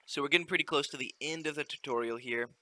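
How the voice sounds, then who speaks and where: A man giving relaxed, chatty commentary while playing through a video game. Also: on the high side, fast. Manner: relaxed, chatty, explaining as he plays. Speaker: let's play gamer. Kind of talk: casual gameplay commentary.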